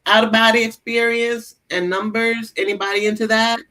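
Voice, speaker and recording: A man's voice: sits high, flat delivery, normal speed, pushed and bright. A man hosting a casual group chat, putting open questions to the room and inviting people to share.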